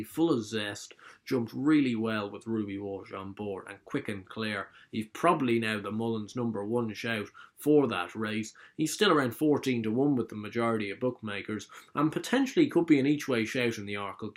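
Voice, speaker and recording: A man giving his casual, opinionated views on the week's horse racing, often correcting himself mid-sentence. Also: fairly low pitch. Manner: chatty, opinionated, self-correcting. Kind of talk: casual solo racing talk.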